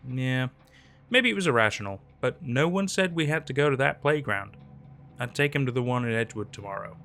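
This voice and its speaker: Guy reading creepy stories, lively swooping voice, tense and dramatic, soft music under it. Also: medium pitch, gravelly. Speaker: horror story narrator. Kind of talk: scripted horror narration. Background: faint background music.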